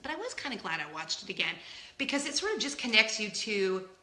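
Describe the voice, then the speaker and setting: A woman's voice: medium pitch, big pitch swings, brisk, echoey room. A woman, telling a story in a casual vlog, gushing and laughing often. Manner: gushing, laughs often, acts out loud gasps. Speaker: vlogger.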